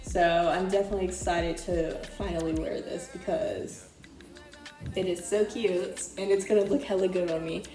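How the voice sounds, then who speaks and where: A woman's voice: fairly low pitch, fairly even intonation, normal speed, dark tone. A young woman vlogging casually about a thrift haul, chatty and loose with lots of filler words, a little out of breath. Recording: echoey room with faint music.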